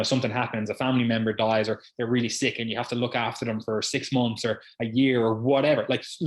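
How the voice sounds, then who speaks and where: A man hosting a podcast as a coach, talking casually and tagging "right?" onto his points. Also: medium pitch. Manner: chatty, quotes imagined people, says "right?" often.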